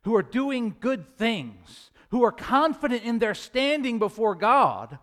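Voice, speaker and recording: High-voiced man preaching a sermon. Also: very animated, a little slow, a bit bright. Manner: earnest preaching, rising emphasis on scripture quotes. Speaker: pastor.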